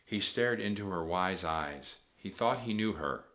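A man reading a children's storybook aloud with animated delivery. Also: low voice, measured pace. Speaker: narrator.

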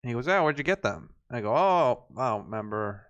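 A man's voice: medium pitch, lively intonation, quick pace, smooth, highs cut off. A man co-hosting a podcast, telling rambling stories in casual chat with lots of fillers and restarts. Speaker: podcast co-host.

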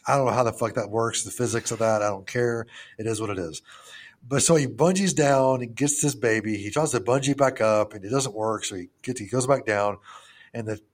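Young male podcaster, foul-mouthed and laughing, replays scenes in voices, average pitch. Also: brisk. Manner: crude, laughing, acts out film moments. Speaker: podcast co-host. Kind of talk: casual podcast film review.

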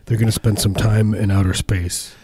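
A man co-hosting a podcast, spinning halting, rambling absurd riffs in casual chat. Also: on the low side, little pitch movement, dark tone, husky, no echo, studio quality. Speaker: podcast co-host. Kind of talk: casual comedic banter.

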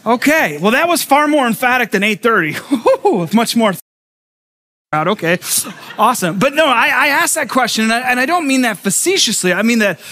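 High-voiced man preaching a sermon. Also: big pitch swings, moderate pace, sharp tone. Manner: conversational, asks the congregation questions. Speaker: pastor. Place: church sanctuary with a live congregation.

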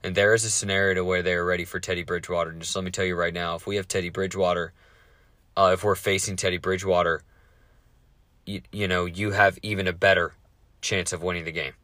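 A man hosting a casual sports podcast, talking fast with lots of swearing and rambling asides. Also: low-pitched, level tone, sharp tone, no echo.

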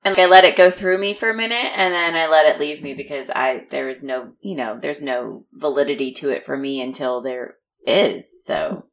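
A woman co-host with a notably low voice speaks in a calm, steady way. She reassures her friend in a relaxed podcast conversation. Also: normal speed, few pauses. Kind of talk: casual chat.

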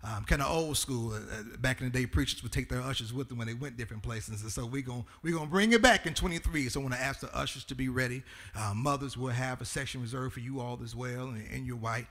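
Male pastor, gravelly, bright edge, sing-song preaching cadence, lots of ums. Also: mid-range voice, steady tone, quick pace. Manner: frequent "um" fillers. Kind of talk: church announcements and sermon.

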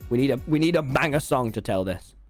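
Rambling British teenage lad streaming. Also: male voice, mid-range voice, expressive, fast, faint music behind. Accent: British English. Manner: rambling, sarcastic, mock self-pity. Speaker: live streamer. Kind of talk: casual storytelling while gaming on a live stream.

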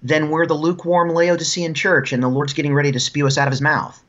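Indignant male podcast host, bright lo-fi. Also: fairly high pitch, flat delivery, fast. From New Jersey. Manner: indignant, mocking, rising to outraged exclamations. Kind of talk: opinionated news commentary.

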